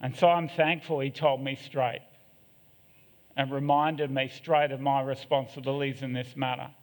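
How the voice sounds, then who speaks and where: A man's voice: mid-range voice, little pitch movement, moderate pace. A middle-aged man, preaching a sermon in a candid, self-deprecating way with joking asides. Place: church hall. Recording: long echo of a church hall.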